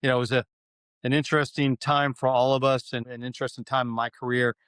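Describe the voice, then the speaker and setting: A man's voice: mid-range voice, flat delivery, fast, fairly bright tone, smooth, no room sound. A middle-aged man from New York, a university president, telling his career story as a podcast guest, earnest, with many fillers and restarts. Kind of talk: conversational storytelling.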